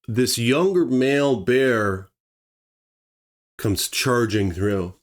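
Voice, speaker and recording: A man's voice: mid-range voice, extremely slow. A man telling a true wildlife attack story in a blunt, emphatic, conversational way. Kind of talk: dramatic true-story narration.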